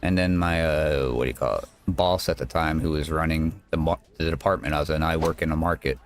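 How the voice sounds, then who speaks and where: A man's voice: a bass voice, steady tone, brisk. A male streamer telling a rambling, casual story while playing a game, quoting people and swearing now and then.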